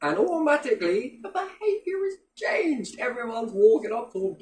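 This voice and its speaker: A man's voice: very high voice, sing-song, moderate pace, few pauses, a little mellow, a little hiss or hum. A man telling stories in casual chat, blunt and full of swearing, acting out what others said. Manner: blunt, heavy swearing, acts out quoted voices. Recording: echoey room.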